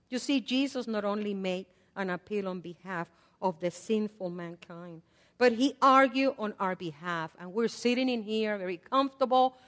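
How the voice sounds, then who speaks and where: Older woman preaching in a reverberant hall. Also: mid-range voice. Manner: swings from loud repeated prayers to soft asides; conversational, with fillers and laughs. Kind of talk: sermon.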